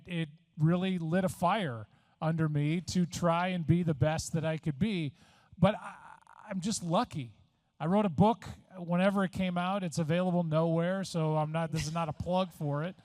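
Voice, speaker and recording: A man's voice: on the high side, a little mellow, no room sound. A man in his fifties from Missouri giving a conversational, self-deprecating award acceptance speech at a podium microphone. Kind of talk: after-dinner acceptance speech. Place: resort event room.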